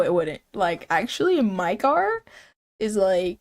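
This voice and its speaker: A woman live streamer chatting with her viewers in a loose, playful way. She rambles from one thought to the next and fills her talk with "like" and "dude". Her voice sits at an average pitch. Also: expressive, normal speed. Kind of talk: casual live-stream chat.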